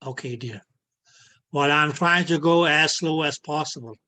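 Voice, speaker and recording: A man lectures a small class over a video call, his voice sitting a little high for a man. He goes slowly and keeps circling back with "okay". His grammar slips here and there as he explains. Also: sharp tone. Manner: repeats "okay" as filler, non-native grammar slips. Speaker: teacher. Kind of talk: online physics lecture.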